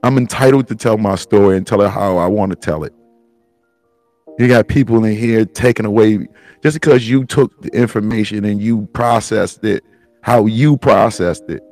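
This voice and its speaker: A man's voice: medium pitch, a little mellow. A man crying while rambling through a profane personal monologue on his own show, breaking into laughs. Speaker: podcast host.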